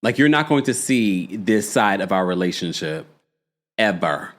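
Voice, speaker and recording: A man's voice: low voice, lively intonation, a little slow, a bit bright. A man with a New York accent hosting a live reality-show recap, reading viewer comments and laughing often as he acts out quotes. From United States.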